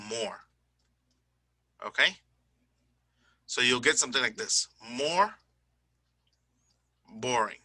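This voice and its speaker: A man's voice: medium pitch, sharp tone, dry recording, poor audio. A man teaching an English grammar lesson over a screen recording, explaining step by step, often checking in with "okay?" and owning small slips. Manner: self-correcting, says "my bad".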